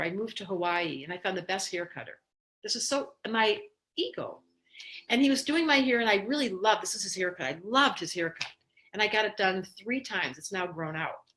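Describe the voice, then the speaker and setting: A woman astrologer giving a casual, animated spoken lesson, telling candid stories in an expressive way. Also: medium pitch. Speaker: astrologer teaching.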